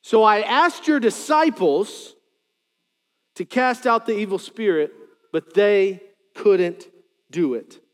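High-voiced preacher in a reverberant hall. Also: male voice, takes it slowly, long pauses. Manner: animated, joking asides, rising to shouted quotes. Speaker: pastor. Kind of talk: sermon.

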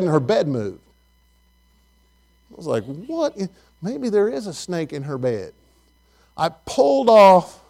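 A middle-aged man preaching a sermon and telling folksy family stories. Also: high voice. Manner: storytelling, folksy and animated. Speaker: pastor.

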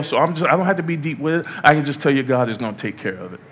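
Male pastor, 30s, informal sermon in church, playful and chatty with emphatic peaks, mid-pitched voice. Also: fast, hardly any pauses, fairly bright tone.

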